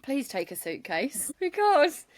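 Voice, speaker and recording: A woman's voice: high-pitched, big pitch swings, takes it slowly, no room sound. A woman co-hosting a casual podcast, telling stories animatedly and laughing through her words. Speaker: podcast co-host, nail tech. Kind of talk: casual chat.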